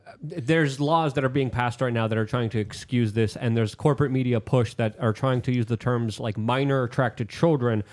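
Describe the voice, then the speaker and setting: A man's voice: mid-range voice, brisk, darkish tone. A man hosting a podcast, asking earnest questions with frequent restarts. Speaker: podcast host. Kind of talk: casual podcast interview.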